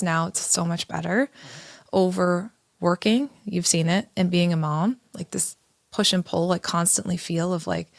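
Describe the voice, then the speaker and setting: A woman in her thirties co-hosting a podcast, telling a candid story in an animated way. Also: on the low side, gravelly, no echo, studio quality. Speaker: podcast co-host. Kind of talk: casual conversational podcast.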